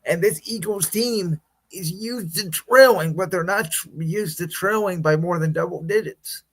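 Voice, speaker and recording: A man's voice: high-pitched, measured pace, fairly bright tone, breathy edge. A man co-hosting a casual sports podcast, his voice weakened by illness, talking with hesitant restarts but firm opinions. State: weak voice from illness. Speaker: podcast co-host.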